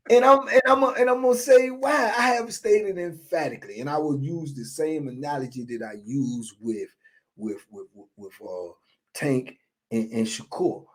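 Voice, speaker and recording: Speaking at a measured pace, this fifty-something interview guest chats animatedly and casually about boxing. "You know what I'm saying" comes up often, and at times his voice drops to a low murmur.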